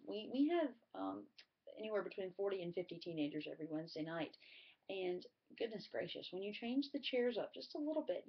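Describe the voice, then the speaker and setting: A woman's voice: lowish voice, vocal fry, husky. A young adult woman giving a conversational class presentation, with frequent filler words. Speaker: student presenter. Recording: muffled lo-fi recording.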